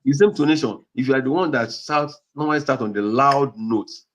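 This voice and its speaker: A man with a Nigerian accent and a medium-pitched voice speaks a little fast, earnestly giving marriage counseling advice. He repeats his points and acts out example dialogues, and the audio is dull with slight background noise.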